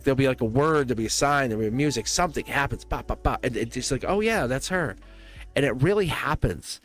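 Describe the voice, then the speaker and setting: Earnest rambling male tarot reader. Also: medium pitch. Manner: earnest, reassuring, rambling with restarts. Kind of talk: live tarot reading.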